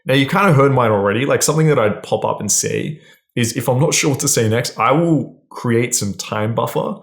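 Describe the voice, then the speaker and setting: A man's voice: medium pitch, expressive, fairly quick, gravelly. A man giving casual, blunt dating advice straight to camera, swearing freely and often checking in with "right?". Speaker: dating coach.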